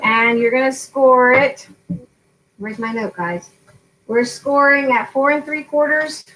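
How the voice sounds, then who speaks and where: A woman's voice: high-pitched, fairly even intonation, slow pace, a bit bright, soft background music, low-quality recording. A woman in her forties hosting a casual craft tutorial livestream, chatty and often laughing as she drifts off topic. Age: 40s. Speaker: craft channel host.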